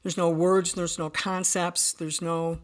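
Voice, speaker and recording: A woman's voice: fairly low pitch, flat delivery, a little slow. A woman guest on a podcast, telling a personal story in an earnest, vivid way, often restarting her sentences.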